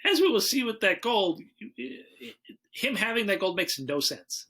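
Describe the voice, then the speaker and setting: A man's voice: high-pitched, big pitch swings, moderate pace, sharp tone, husky. A man hosting a casual movie-review podcast, loosely recapping the plot with fillers and asides. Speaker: podcast host.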